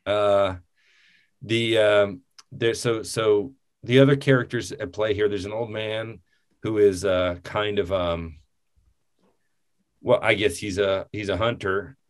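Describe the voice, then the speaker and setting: A man with a slightly low voice talks casually about a film, rambling and laughing as he goes. He is lively and loose, stopping and restarting his thoughts. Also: takes it slowly. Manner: rambling, animated, laughs often. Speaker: podcast co-host.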